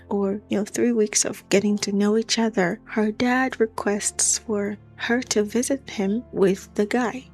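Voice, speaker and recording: A woman's voice: medium pitch, darkish tone. A woman telling a true story in a chatty, casual way, with asides to the listener.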